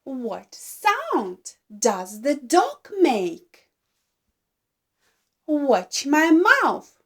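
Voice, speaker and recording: A woman teaching babies to talk, speaking gently and slowly in single drawn-out words, with exaggerated animal sounds to copy. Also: high voice, wildly swooping pitch. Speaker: baby speech teacher. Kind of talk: slow modelled speech for babies.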